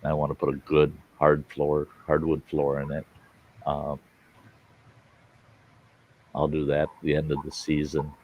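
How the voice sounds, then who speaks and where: A man's voice: a bass voice, monotone, measured pace, pauses often, a little hiss or hum. A man hosting a live stream, chatting casually with viewers and telling rambling folksy stories that act out what people said. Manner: folksy, rambling storyteller who acts out dialogue. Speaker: host of a live storytelling stream. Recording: dull lo-fi sound.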